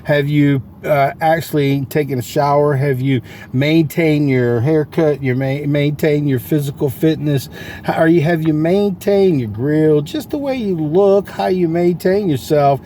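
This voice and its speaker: A man's voice: fairly high pitch, unhurried, dark tone, slight background noise. A man giving a casual, folksy motivational talk about selling from inside his parked car, asking his listeners question after question. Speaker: sales coach vlogger.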